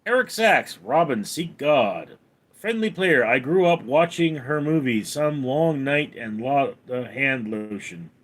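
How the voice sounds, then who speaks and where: A man hosting a livestream at home, reading chat comments aloud and answering them deadpan. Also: mid-range voice, slow pace. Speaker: livestream host.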